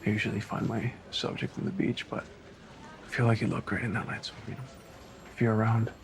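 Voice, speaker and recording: An actor playing a smooth-talking adult male photographer who casually coaxes a young man to come out for a shoot, in a clip from a film. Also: fairly low pitch, fairly even intonation, brisk. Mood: coaxing. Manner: casual, coaxing invitation. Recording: film clip with faint background noise.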